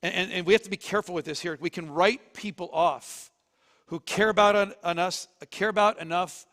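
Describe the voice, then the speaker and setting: A pastor preaching to his congregation, telling the story in a lively, joking way with a fairly high voice. The sound carries a long reverb from the church hall. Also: brisk. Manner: animated storytelling, jokey. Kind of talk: sermon. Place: church auditorium.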